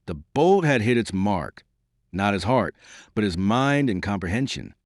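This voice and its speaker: Deep-toned man narrating an audiobook. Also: big pitch swings, measured pace, dry recording, clean studio sound. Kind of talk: scripted narration.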